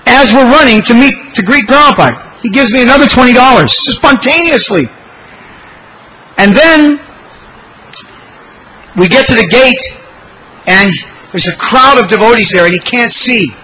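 High-voiced animated male storyteller. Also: moderate pace, pauses often, slight background noise, rough recording. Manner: animated, exclamatory, acts out quotes. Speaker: devotional speaker. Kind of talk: storytelling sermon.

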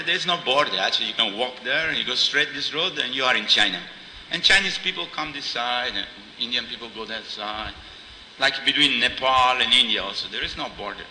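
Animated preacher man in echoey hall. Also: mid-range voice. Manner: animated storyteller, acts out dialogue, laughs often. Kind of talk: informal spiritual talk with anecdotes. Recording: roomy hall echo, faint noise.

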